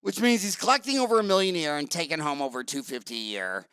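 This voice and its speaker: A man's voice: on the high side, lively intonation, fast talker, sharp tone, clean tone, dry recording. A middle-aged man hosting an interview, telling blunt, rambling stories in casual talk. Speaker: podcast host.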